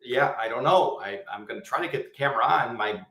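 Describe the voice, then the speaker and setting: A man from the US Midwest, a guest on a livestream panel, talking in a measured, articulate way and explaining at length. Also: mid-range voice, lively intonation, sharp tone, reverberant.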